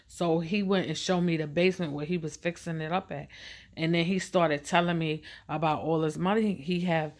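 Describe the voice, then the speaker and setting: A woman casually telling a personal story in a chatty, animated way, acting out what other people said. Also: low voice.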